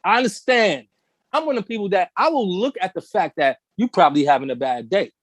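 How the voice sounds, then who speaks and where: A man talking in a blunt, slangy, impassioned way, his pitch leaping up and down as he drives his points home. The sound is dry and close, with no room around him. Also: fairly quick, dry recording. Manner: animated, emphatic storytelling with rhetorical questions. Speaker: podcast co-host. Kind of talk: casual discussion.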